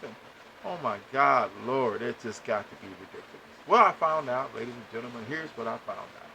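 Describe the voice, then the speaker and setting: A man hosting a podcast, telling a story to listeners in an animated way and acting out the dialogue. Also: mid-range voice, a little fast, vocal fry, background noise. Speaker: podcast host.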